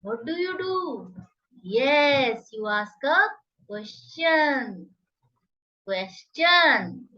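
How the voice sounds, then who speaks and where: A woman teaching a children's phonics lesson, enunciating each word slowly and carefully in a sing-song drill. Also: sits high, big pitch swings, recorded from a distance, highs cut off.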